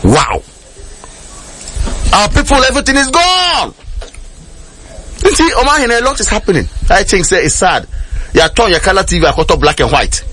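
A man's voice: sits high, sing-song, normal speed, long pauses, sharp tone, husky. A man with a Ghanaian accent, an outspoken political commentator on a radio panel, talking emphatically and switching between Twi and English.

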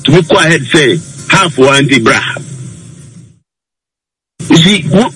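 A man with a fairly high voice and very lively pitch gives earnest marriage advice as a radio counselor. He swings between English and Twi in a preachy, emphatic way, with faint music behind him. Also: normal speed, rough recording. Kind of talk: radio talk show advice.

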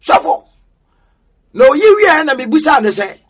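A man with a Ghanaian accent preaching a sermon in an emphatic, half-sung style that rises to shouts. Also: very high voice, sing-song, unhurried.

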